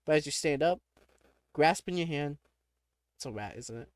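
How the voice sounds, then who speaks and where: A man's voice: fairly high pitch, animated, normal speed, no room sound, studio quality. A man playing a text adventure, reading the game text aloud and reacting casually, laughing often and breaking off with startled exclamations.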